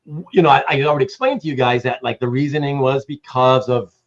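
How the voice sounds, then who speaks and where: A man's voice: medium pitch, steady tone, fast, dull audio. A man hosting a casual livestream, rambling and greeting chat viewers by name, with some casual swearing. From Canada. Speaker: livestream host.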